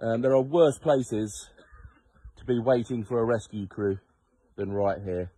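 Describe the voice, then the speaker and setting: A man's voice: medium pitch, unhurried, mellow, breathy edge, dry recording, studio quality. A man leading a charity motorbike trip, talking to his handheld phone camera outdoors on a headland, chatty and rambling, tired from little sleep. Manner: rambling, self-mocking, chatty. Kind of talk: casual vlog to camera.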